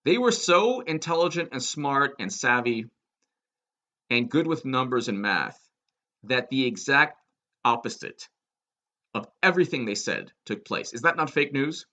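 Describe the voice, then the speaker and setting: A man's voice: mid-range voice, sing-song, moderate pace, sharp tone. A man giving a political commentary monologue, sarcastic and emphatic, firing off rhetorical questions.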